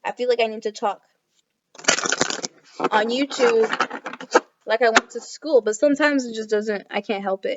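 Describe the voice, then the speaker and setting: A woman's voice: fairly high pitch, fairly even intonation, normal speed, long pauses, very noisy. Chatty woman giving a tarot reading. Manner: chatty, reads card texts aloud, many fillers like "like". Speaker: tarot reader. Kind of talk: casual tarot reading to camera. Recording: dull lo-fi audio.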